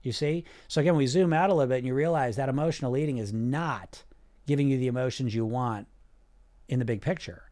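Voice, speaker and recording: A man's voice: mid-range voice, fast talker. A man hosting a podcast as a weight loss coach, talking directly and casually, often throwing in rhetorical questions and check-ins. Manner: direct and animated, asks rhetorical questions and checks in with "right?" and "you see?"; casual, sometimes swears.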